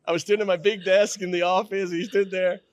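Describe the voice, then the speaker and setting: A man's voice: high-pitched, level tone, quick pace, no room sound. A middle-aged man telling his own story in a podcast interview, candid and self-deprecating, often restarting his sentences.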